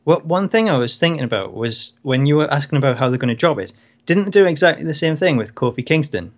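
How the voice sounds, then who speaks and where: A man co-hosting a wrestling talk show in casual chat, relaxed and a little hesitant, restarting words as he works through his thoughts. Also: fairly high pitch, fast talker. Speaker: co-host.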